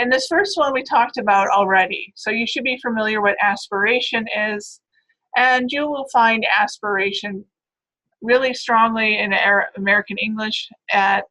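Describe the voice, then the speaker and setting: A woman's voice: medium pitch, bright, forceful tone, low-quality recording. A woman giving a recorded phonetics lecture, explaining step by step and checking in with "right?" and "all right.".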